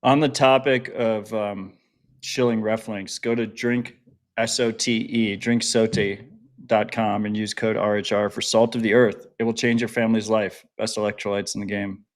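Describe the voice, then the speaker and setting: A man's voice: lowish voice, flat delivery, moderate pace. A man hosting a podcast in casual banter, blunt and profane, pushing sponsor codes with enthusiasm. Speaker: podcast host.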